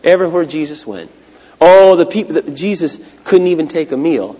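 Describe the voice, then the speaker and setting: A man preaching a sermon, swinging between loud cries and hushed, quiet lines. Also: fairly high pitch, lively intonation, normal speed, lo-fi sound. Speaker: pastor. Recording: long hall reverb.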